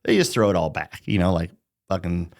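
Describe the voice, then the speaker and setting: A man's voice: sits low, a little fast, a little mellow, dry recording, studio quality. A middle-aged man ranting casually into the camera, profane and mocking, chuckling as he talks. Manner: profane, mocking, laughs mid-sentence. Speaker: vlogger.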